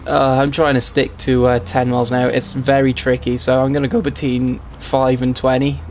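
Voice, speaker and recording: A man with a hoarse, strained voice, chatting casually while streaming a game role-play. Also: medium pitch, little pitch movement, normal speed, a little hiss or hum. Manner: chatty, laughs at himself.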